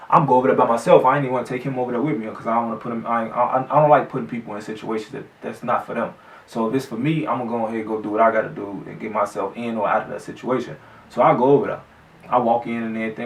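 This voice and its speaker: Gravelly man telling a street story. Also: mid-range voice, steady tone, fast, recorded from a distance. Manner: slangy and profane, with frequent restarts. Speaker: vlogger. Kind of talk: casual storytelling. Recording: echoey room, off-mic.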